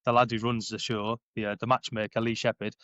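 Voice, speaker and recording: A man in his thirties tells his story as a podcast guest at a brisk clip, lively and full of quoted dialogue. The sound is dry and a little dull, with no room around it. He swears and laughs easily as he tells it. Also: fairly low pitch, no echo. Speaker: podcast guest, former paratrooper and bare knuckle fighter. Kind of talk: casual storytelling interview. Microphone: headphones on, sitting at a podcast mic.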